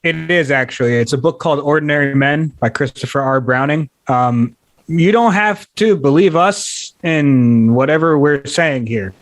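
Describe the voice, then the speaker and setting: A man's voice: on the high side, moderate pace, dry recording. A man co-hosting a podcast, talking casually with hesitant fillers and restarts. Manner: hesitant, recommending a book. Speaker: podcast co-host.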